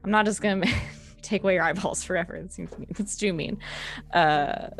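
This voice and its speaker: A woman narrating as game master of a tabletop game, casual and halting with many ums. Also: fairly low pitch, faint music behind.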